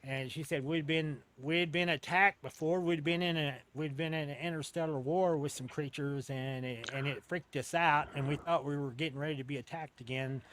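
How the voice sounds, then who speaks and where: A man's voice sitting a little higher than most men's. He is an interview guest telling a long story in a loose, conversational way. He often backtracks and restarts, and drops casual swear words as he goes. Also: steady tone, normal speed, hardly any pauses, a bit bright, a little hiss or hum. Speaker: interview guest recounting an encounter.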